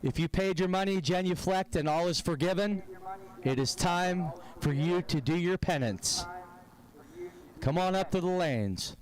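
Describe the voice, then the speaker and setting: A man from the Pittsburgh area announcing races at an outdoor drag strip over a loudspeaker, chatty and joking at his own expense. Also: high voice, a little slow, rough recording. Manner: jokey, chatty, self-deprecating. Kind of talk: live race commentary over a loudspeaker. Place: outdoor drag racing track. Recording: outdoor crowd noise behind.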